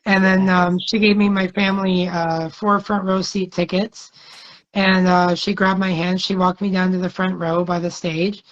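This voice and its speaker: Hesitant rambling man, flat lo-fi voice. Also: high-pitched, normal speed. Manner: rambling, hesitant, many fillers. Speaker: guest singer. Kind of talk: casual interview storytelling. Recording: dull lo-fi sound.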